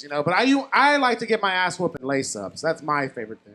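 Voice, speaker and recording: A young man with a notably high voice works a bar crowd through a handheld mic. His stand-up set is conversational and self-deprecating, and he keeps turning to the audience with questions. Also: lively intonation, rapid-fire, hardly any pauses, sharp tone. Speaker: stand-up comic. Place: comedy bar stage. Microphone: handheld stage mic.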